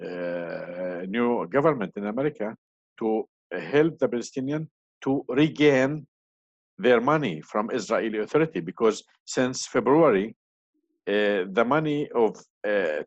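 Slow, hesitant man with a dull, lo-fi sound. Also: lowish voice, dry recording. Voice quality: hesitant, many fillers and restarts. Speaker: interview guest. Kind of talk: online panel interview.

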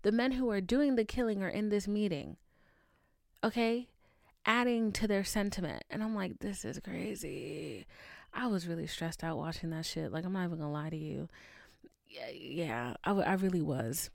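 A woman hosting a podcast in casual chat, animated, chatty and freely profane. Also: lowish voice, moderate pace, gravelly, dry recording, studio quality. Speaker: podcast host.

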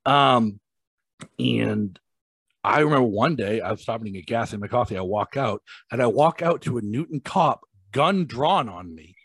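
A man from Massachusetts spins a casual story as a podcast guest. His voice is slightly husky and his delivery blunt and profane. The sound is dry and close, with no room around it. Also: mid-range voice, moderate pace, no room sound. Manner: blunt, profane, animated when quoting himself.

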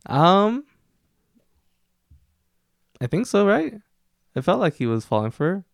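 A man's voice: high-pitched, sing-song, slow pace, creaky, no echo, studio quality. A young man chatting casually about a movie as a podcast co-host, laid-back, laughing often and giving short replies. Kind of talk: casual movie review chat.

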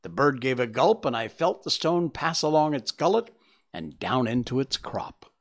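A man's voice: medium pitch, lively intonation, moderate pace, lightly acted. Guy doing a scared desperate thief spilling his story, voice jumping all over. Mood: anxious. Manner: agitated, pleading storytelling. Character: desperate frightened man confessing theft.

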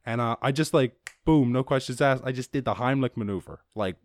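A young Irish man hosting a casual solo podcast, rambling and swearing freely, acting out quotes in a higher voice. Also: brisk, no room sound, clean studio sound. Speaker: podcast host.

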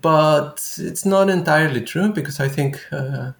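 A young man talks in a relaxed conversation, pausing and restarting as he works through his thoughts. His voice has a gravelly, creaky edge. The sound carries a noticeable echo from the room. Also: a little high. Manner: thoughtful, halting, many restarts. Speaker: guest researcher. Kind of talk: casual conversation.

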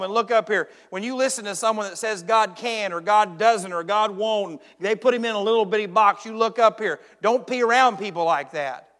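A man preaching a sermon as pastor, swinging between hushed intensity and shouted emphasis. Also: high-pitched, normal speed. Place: church sanctuary. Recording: long church reverb.

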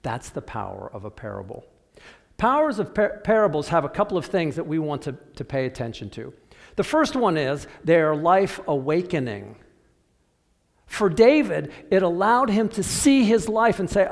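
A man preaching a sermon, telling a story and acting out the voices of biblical figures, with sudden drops to a quiet voice. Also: fairly high pitch, big pitch swings, normal speed, vocal fry, big-room sound. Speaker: pastor.

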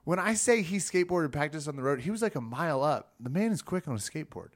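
A man trading stories on a casual podcast, his voice sitting a little high. He acts out quoted lines and laughs often as he talks. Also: very animated, fast talker. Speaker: podcast co-host. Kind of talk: casual chat.

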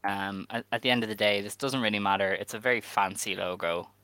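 A low-pitched man with a bright, forward tone, talking casually as a podcast co-host. He hesitates often and fills gaps with ums. The sound is dry and close. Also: fairly quick, clean tone, no echo, poor audio. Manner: relaxed, hesitant with many fillers. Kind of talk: casual chat.

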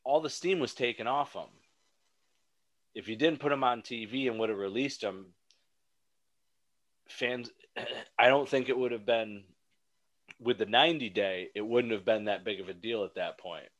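Bright-voiced man chatting on a podcast. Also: medium pitch, moderate pace, long pauses. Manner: animated, rambling with restarts. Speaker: podcast co-host. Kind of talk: casual chat.

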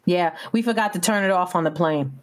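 Lively New woman telling a story. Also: lowish voice, brisk. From New York. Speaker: podcast co-host. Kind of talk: casual podcast storytelling.

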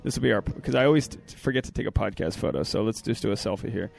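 A man hosting a podcast in casual chat, talking fast and excitably, interrupting himself and restarting, on an outdoor hotel balcony. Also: fairly low pitch, gravelly. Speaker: podcast host.

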